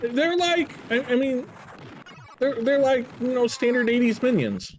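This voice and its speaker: A man's voice: very high-pitched, a little slow, slight background noise. A man co-commentating a game stream in a chatty, hesitant way with many fillers.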